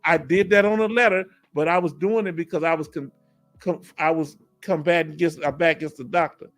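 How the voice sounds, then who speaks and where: A man from Houston with a Texas accent, hosting a casual livestream Q&A through a headset, animated and laughing often with folksy slang. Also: fairly high pitch, a little fast, faint music behind. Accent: Southern US, Texas. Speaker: livestream host reading chat.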